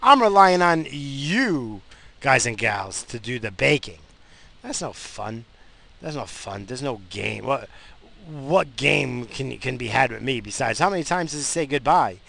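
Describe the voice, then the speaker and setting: A tired man rambles through a casual monologue from his car as host of his own show. His voice is gravelly and fry-laden, yet bright and forceful in tone, and he restarts sentences often. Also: mid-range voice, expressive, measured pace. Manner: rambling, with frequent restarts and fillers. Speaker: podcast host. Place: in a car, driving.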